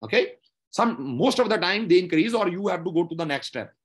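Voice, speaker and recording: A man's voice: sits high, animated, a little fast. A man teaching a medical exam lecture, explaining step by step and often checking with "okay?".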